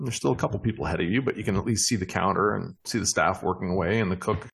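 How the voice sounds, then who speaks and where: A man acting as game master, narrating a tabletop game in a relaxed, chatty way. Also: low voice, very fast, gravelly, breathy edge.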